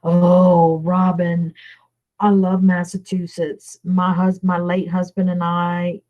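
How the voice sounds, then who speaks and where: A woman's voice: lowish voice, monotone, slow pace, a little mellow, rough recording. A woman from Louisiana with a Southern accent, chatting casually with viewers on a livestream, rambling and reading out their names. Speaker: livestream host.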